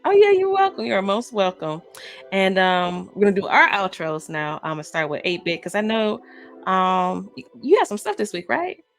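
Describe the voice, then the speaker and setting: A woman's voice: medium pitch, sing-song, moderate pace, vocal fry. Giggly, encouraging woman host, casual podcast chat, faint music behind. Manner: giggly, encouraging, frequent agreeing.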